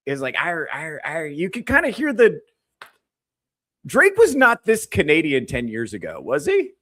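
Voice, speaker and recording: Lively sarcastic male podcast host. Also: on the high side, normal speed, no room sound. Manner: crude, sarcastic, mocking. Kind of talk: comedic commentary rant.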